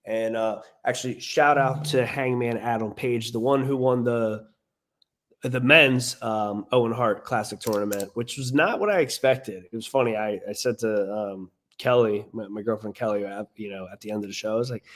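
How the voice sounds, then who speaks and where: A man's voice: mid-range voice, normal speed, a bit bright. Rambling male podcast co-host. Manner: rambling, filler-heavy storytelling. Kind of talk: casual wrestling chat.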